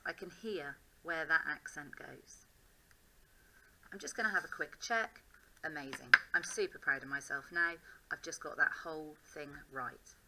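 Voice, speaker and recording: Bright-voiced English woman teaching. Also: low-pitched, low-quality recording. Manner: thinking aloud while writing, upbeat and self-encouraging. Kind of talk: classroom demonstration.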